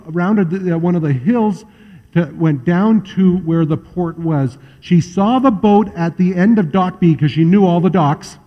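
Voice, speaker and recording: A male pastor telling a story in a sermon, acting out the voices of its people with shifting loudness and pace. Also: sits high. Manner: acts out quoted voices, varies loudness and pace freely. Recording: muffled hall recording with long reverb.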